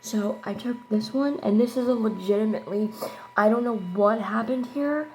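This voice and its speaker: Excitable woman doing a storytime vlog, gravelly voice, goes from hushed to loud. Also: fairly high pitch, normal speed, faint music behind. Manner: chatty and excitable, drifting between hushed and loud. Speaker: vlogger telling a story. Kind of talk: casual storytime.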